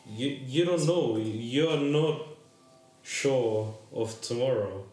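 A man's voice: mid-range voice, takes it slowly, a little mellow. Hesitant man, echoey room. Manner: hesitant, restarts, thoughtful. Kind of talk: casual chat. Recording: echoey room with music behind.

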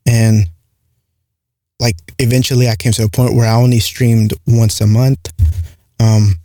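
Man with a light accent, dry mellow voice. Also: medium pitch, flat delivery, unhurried, no room sound. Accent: light non-native English accent. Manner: rambling, frequent "like" and "right?" fillers. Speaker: podcast host. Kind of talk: casual solo podcast monologue. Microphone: close studio mic with compressor.

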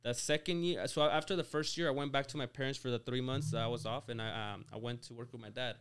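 A man's voice: medium pitch, fairly even intonation, fast talker, fairly bright tone, clear, resonant tone. A man in his twenties from Mexico, a podcast guest telling his story in a casual chat, full of "like" and "you know" and restarted words. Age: 20s. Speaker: podcast guest, auto shop owner.

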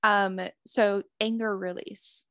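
A woman's voice: medium pitch, level tone, takes it slowly, a bit bright, smooth, no echo, studio quality. A woman giving a motivational self-help talk as a spiritual wellness host, earnest, swearing freely and repeating affirmations.

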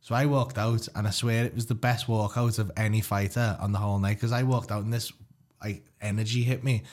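A man chatting as a podcast guest, telling lively anecdotes and swearing casually. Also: on the low side, brisk. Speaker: comedian and fighter, guest. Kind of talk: casual chat.

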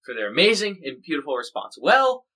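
A man's voice: fairly high pitch, sing-song, brisk, bright, forceful tone, poor audio. An American man co-hosting a casual news podcast, explaining stories in a chatty, jokey, rambling way. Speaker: podcast co-host.

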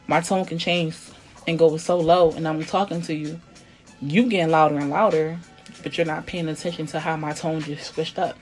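A woman in casual chat, talking bluntly and emphatically, often swearing, sometimes dropping to a low, quiet tone. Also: steady tone, moderate pace, soft background music. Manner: blunt, profane, emphatic venting; drops to a low, quiet tone to make a point. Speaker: conversation partner.

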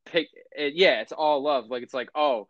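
A man's voice: a little high, normal speed, dry recording. A young man hosting a podcast, chatting casually and profanely and laughing often. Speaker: podcast host. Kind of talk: casual chat. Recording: dry, slightly dull sound.

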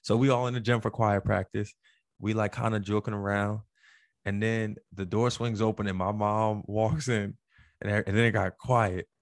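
Animated storytelling man, low voice. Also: normal speed, no echo, studio quality. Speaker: podcast co-host. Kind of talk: casual storytelling chat.

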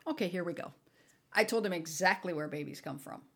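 A middle-aged woman co-hosting a casual chat, telling stories in a lively way and acting out the voices of the people in them. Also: on the low side, brisk, vocal fry. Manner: animated, acts out quoted dialogue with laughter. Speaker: podcast co-host.

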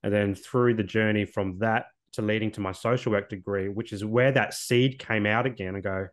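A man's voice: on the low side, fairly even intonation, moderate pace. An Australian man in his thirties, a guest telling his own story candidly and earnestly, with loose speech and frequent restarts. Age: 30s.

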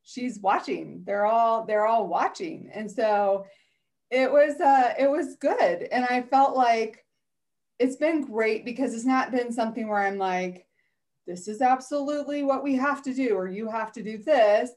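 A woman's voice: fairly high pitch, unhurried. Chatty mother telling home stories. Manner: warm storytelling with laughter. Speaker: guest, mother in a weight program. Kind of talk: casual conversation.

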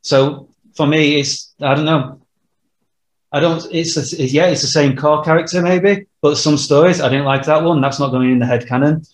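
A man's voice: a little high, fairly even intonation, normal speed, slight background noise. A man co-hosting a casual podcast chat, hesitant, with many "um" and "I don't know". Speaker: podcast co-host. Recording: roomy echo.

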